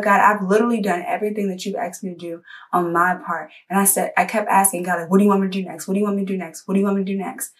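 A woman's voice: mid-range voice, far from the mic. A woman hosting a podcast, giving an earnest, encouraging faith talk and acting out her own prayers. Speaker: podcast host. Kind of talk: faith-based motivational talk.

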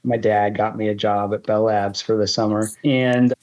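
A man's voice: lowish voice, little pitch movement, moderate pace, a little mellow. Thoughtful man in his fifties. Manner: thoughtful, hesitant, many restarts. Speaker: guest. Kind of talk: casual conversation.

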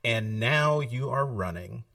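A man's voice: mid-range voice, expressive, slow, creaky, bright, forceful tone, no echo. A man hosting an interview who reacts briefly, laughs along, and sums up his guest's career. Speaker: interview host. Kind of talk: conversational interview. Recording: dry sound, distant from the mic.

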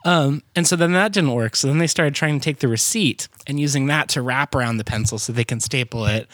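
A man's voice: medium pitch, fairly quick, a bit bright, dry recording. A young man telling an amused story in casual chat on a podcast.

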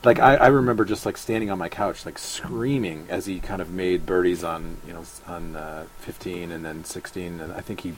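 A man's voice: sits low, fairly even intonation, normal speed, hardly any pauses, slight background noise, rough recording. A man appearing as a podcast guest who talks casually and rambles, thinking aloud with many fillers and restarts. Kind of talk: casual chat.

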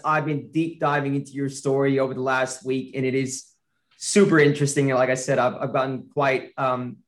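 A man hosting an interview podcast from his backyard, chatty and enthusiastic, with long setups before his questions. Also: fairly high pitch. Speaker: podcast host. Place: outdoors in a backyard.

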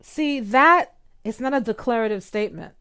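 A woman hosting a podcast as a speech coach, explaining and demonstrating softer ways of speaking with rising uptalk. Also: fairly high pitch, animated, moderate pace, smooth. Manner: demonstrates tones, rising uptalk in quoted examples. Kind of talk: instructional podcast talk.

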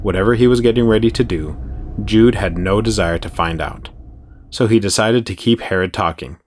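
A man narrating a dark horror story in a steady, even storytelling voice. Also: fairly low pitch, moderate pace, slight background noise. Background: faint music.

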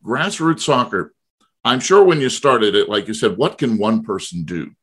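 A man hosting a sports interview show, reading formal introductions and questions in a measured way. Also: lowish voice, animated, a bit bright, slightly rough. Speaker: radio show host.

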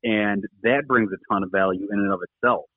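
Husky man on a tinny phone line. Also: on the low side, steady tone, brisk, no echo. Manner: earnest, rambling with many fillers. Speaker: former rugby coach, podcast guest. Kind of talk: casual conversational interview talk.

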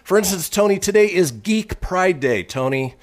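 Male radio host, casual banter, lively delivery, faint music underneath. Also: sits high. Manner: lively, reads history items with quick asides.

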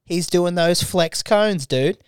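A man's voice: high-pitched, takes it slowly, clean tone, dry recording, studio quality. A man co-hosting a casual comedy podcast, joking loosely and swearing freely. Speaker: podcast co-host.

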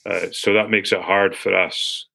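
Co-host: low-voiced man with a forceful bright tone, casual questions. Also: flat delivery, measured pace, creaky. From Britain. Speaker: podcast co-host. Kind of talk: casual chat.

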